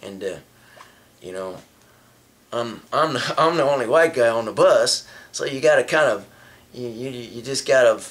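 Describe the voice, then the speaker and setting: A man's voice: medium pitch, unhurried, fairly bright tone. A man vlogging a casual story, rambling, with many restarts and repeated phrases.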